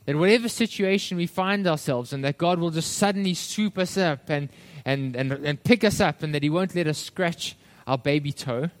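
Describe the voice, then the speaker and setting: A male pastor preaching a sermon, addressing listeners as friends and acting out the quoted voices with animated shifts. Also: a little high, moderate pace, hardly any pauses.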